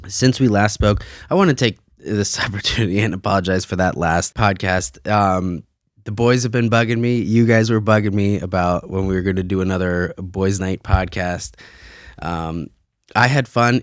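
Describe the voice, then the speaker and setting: In his thirties, this man hosts a casual solo podcast from his home basement, rambling, swearing, and laughing often. His voice is fairly low and smooth, captured with studio quality and no echo.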